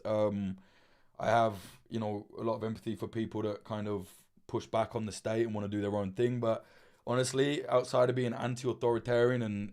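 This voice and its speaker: A man's voice: on the low side, darkish tone. Rambling, swearing man. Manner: rambling, swears freely, many fillers and restarts. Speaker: livestream host. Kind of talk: casual livestream chat.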